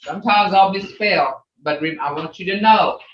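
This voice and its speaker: A Mvskoke language teacher, a Creek speaker, leading an online class and patiently repeating each word slowly and reassuringly. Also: mid-range voice, a little hiss or hum. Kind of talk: online language class over video call. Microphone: video call. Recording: roomy, distant, dull video-call audio.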